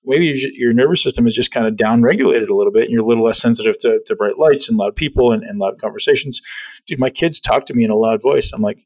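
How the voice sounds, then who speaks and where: A man's voice: medium pitch, a little mellow, low-quality recording. A middle-aged man hosting a podcast, explaining ideas in casual conversation and often checking in with "right?". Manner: fast-talking, explanatory, peppers speech with "right?". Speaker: podcast host.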